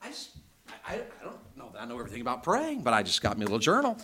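A middle-aged man, preaching a sermon in a folksy, conversational way, with loud bursts of emphasis. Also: mid-range voice, wildly swooping pitch, very fast, breathy edge.

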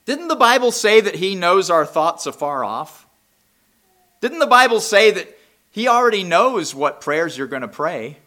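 A man preaching a sermon, swinging between impassioned near-shouts and low, quiet asides. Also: big pitch swings, unhurried.

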